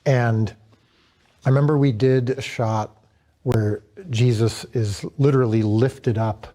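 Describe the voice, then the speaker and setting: A man's voice: medium pitch, fairly even intonation, slow pace, mellow. A man, the director of a series, telling a candid story in a panel conversation and acting out his own reactions.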